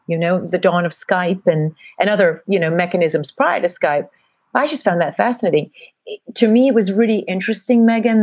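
Give me a middle-aged woman with a blended British and American accent, talking in a slightly low voice with a dry, close sound. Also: darkish tone, dry recording. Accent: mixed British and American. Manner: rambling, reflective storytelling. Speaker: guest, marketing strategist. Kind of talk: conversational interview.

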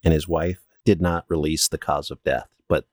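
A man's voice: a bass voice, moderate pace, husky, no echo, studio quality. A man co-hosting a podcast, casually reading out a story from his notes and stumbling now and then. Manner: steady storyteller, stumbles and restarts while reading. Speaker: podcast co-host presenting the story.

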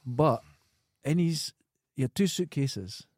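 A Scottish man co-hosting a podcast, chatting casually and telling lively stories, often imitating other people. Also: medium pitch, takes it slowly, slightly rough, no room sound. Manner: animated storyteller, imitates others. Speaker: podcast co-host. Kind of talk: casual chat.

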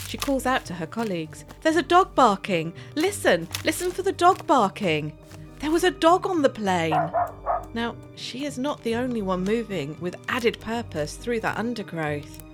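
A woman narrating a scripted story podcast in a measured, atmospheric way, with music under her voice. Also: medium pitch.

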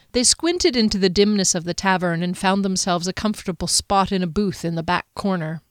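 A woman narrating an audiobook in a measured, expressive way. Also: mid-range voice, clean tone, dry recording, clean studio sound. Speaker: audiobook reader.

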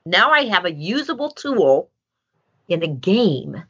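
A woman dog trainer chats casually on a podcast, telling stories in an animated way with plenty of fillers. Her voice swings lively up and down with a bright, slightly husky tone. The recording sounds dull and lo-fi. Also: fairly low pitch, takes it slowly. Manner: animated storytelling with many fillers.

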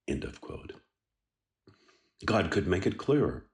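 A man giving an earnest devotional talk on a Bible passage, unhurried and repeating words as he starts his phrases. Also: sits low, big pitch swings. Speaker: radio devotional speaker.

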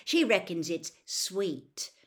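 Sarcastic grumbly teen wizard boy, a lady reading him, lowish voice. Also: very animated, slow pace. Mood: grumbling.

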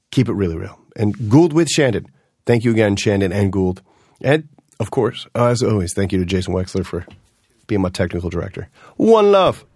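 A man hosting a podcast in a casual, rambling monologue, animated and swearing freely as he jumps between topics. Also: lowish voice, dry recording, clean studio sound. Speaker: podcast host.

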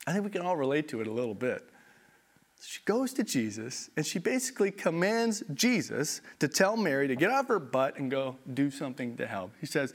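A man's voice: medium pitch, normal speed. A young adult man preaching a sermon, telling stories and acting out quoted voices. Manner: animated storytelling, acts out quoted voices. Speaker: pastor.

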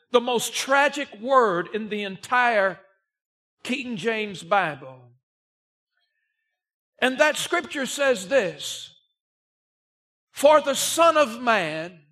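A male pastor delivering a Sunday morning sermon, reading scripture aloud and driving his points home, shouting out key words. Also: very high voice. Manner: slow, emphatic preaching that rises to shouts on key words; reads scripture aloud in old-fashioned wording.

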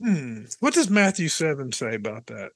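A man's voice: mid-range voice, sing-song, moderate pace, fairly bright tone, slightly rough, dry recording. A man co-hosting a casual Christian podcast, joking and teasing as he talks, chuckling often. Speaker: podcast co-host.

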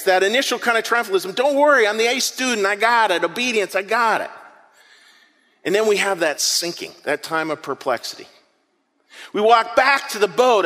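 A man preaching a sermon to his congregation, telling a story with lively acted-out moments. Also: high-pitched, long reverb tail. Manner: animated storytelling preacher, acts out scenes. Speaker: pastor. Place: church hall with an audience.

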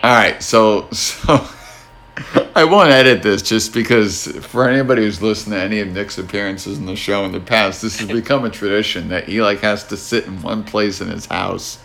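A man's voice: fairly low pitch, moderate pace, vocal fry, fairly bright tone, a little hiss or hum. A man with a New Jersey accent hosting a casual sports podcast, talking in a wry, teasing, easygoing way. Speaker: podcast host.

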